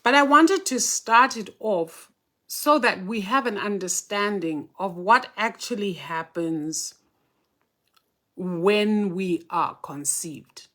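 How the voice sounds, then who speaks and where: A woman's voice: mid-range voice, lively intonation, slow pace, pushed and bright. A woman casually hosting a livestream, greeting viewers one by one by name and mixing in Zulu and Xhosa. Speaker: spiritual teacher hosting a livestream.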